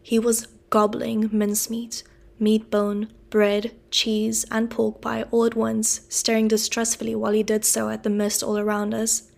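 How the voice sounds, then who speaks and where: A woman reading a classic novel aloud in an even, steady narrating voice. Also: fairly high pitch, unhurried, creaky. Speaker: audiobook reader.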